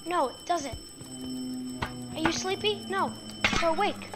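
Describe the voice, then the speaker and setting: Speaking slowly with long pauses, a woman with an extremely high voice records let's play commentary as a gaming video creator. She's exasperated and annoyed with the game. Loud music from the game can be heard in the background.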